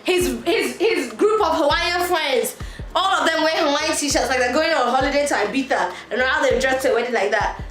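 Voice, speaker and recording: A woman vlogger telling a story in an animated way, laughing as she goes. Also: high-pitched, moderate pace. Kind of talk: storytime vlog. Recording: echoey room, faint music.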